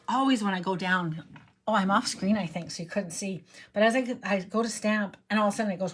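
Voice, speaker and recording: Stamping and colouring on her card-making livestream, this woman chats away in a rambling, casual way, humming and singing to herself. She has a lowish, slightly bright voice and talks fast.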